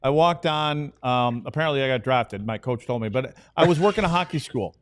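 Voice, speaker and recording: A man's voice: mid-range voice, brisk. A man in his sixties, a podcast co-host and former player, telling rambling, self-deprecating stories in casual talk. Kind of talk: casual storytelling.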